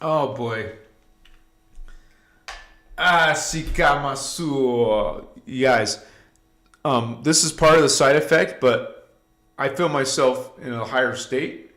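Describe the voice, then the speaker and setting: A man's voice: mid-range voice, takes it slowly, long pauses, fairly bright tone, reverberant. A man hosting a casual spiritual livestream, exuberant and laughing, chanting affirmations to his viewers. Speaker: livestream host.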